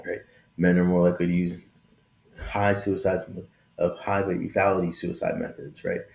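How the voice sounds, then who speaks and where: A man's voice: sits low, monotone, moderate pace, creaky, a little mellow, echoey room. A man around thirty hosting a casual tech vlog, talking openly and conversationally and often checking in with "right?". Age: late 20s to early 30s. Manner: conversational, keeps adding "right?", affectionate and open. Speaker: tech video host.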